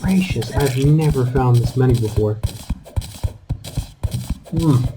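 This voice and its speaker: A man giving casual commentary over his own gameplay, taunting enemies and breaking into high exclamations. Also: takes it slowly, noisy background. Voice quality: calls his own voice squeaky. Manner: animated, talks to enemies, jumps to high exclamations. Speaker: gaming channel host.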